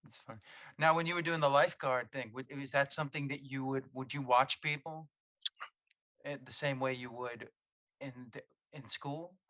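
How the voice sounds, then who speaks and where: A man's voice: mid-range voice, fairly even intonation, normal speed, fairly bright tone, dry recording. A man hosting a podcast interview, asking follow-up questions and offering short encouraging replies. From Charlotte, North Carolina. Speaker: podcast host. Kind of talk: casual interview.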